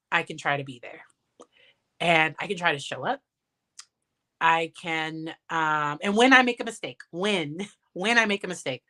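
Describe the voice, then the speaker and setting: A woman's voice: lowish voice, pushed and bright. A woman psychologist chats candidly with her viewers over a phone livestream. She laughs often and restarts her sentences as she goes. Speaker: licensed psychologist and parent. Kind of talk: casual livestream Q&A.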